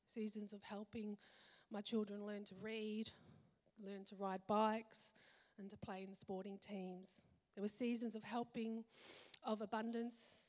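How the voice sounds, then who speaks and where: A woman's voice: medium pitch, darkish tone. Reflective woman in an echoing hall. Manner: heartfelt, reflective, lists things slowly. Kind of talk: personal reflective talk. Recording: long hall reverb.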